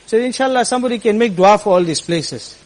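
A man telling a personal story to an audience, animated and acting out the people he quotes. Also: high-pitched, fast talker, low-quality recording.

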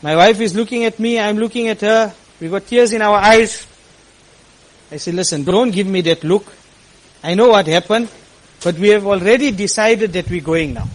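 Male storyteller, high pitch, lively delivery that acts out the dialogue. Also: moderate pace, poor audio. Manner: animated, quotes people in lively voices. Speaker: speaker telling a personal story. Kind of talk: storytelling talk to an audience.

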